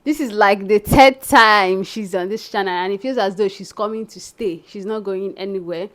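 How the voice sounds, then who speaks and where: A woman's voice: mid-range voice, moderate pace, fairly bright tone. A young woman from Nigeria hosting her vlog, chatting casually to viewers she calls besties. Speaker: vlogger host. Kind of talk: casual chat.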